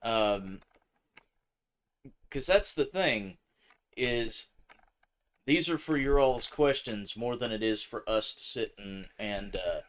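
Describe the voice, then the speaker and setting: A man's voice: fairly low pitch, takes it slowly, long pauses. Laid-back man chatting on a live stream. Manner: laid-back, laughs often, swears casually. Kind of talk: casual live-stream chat.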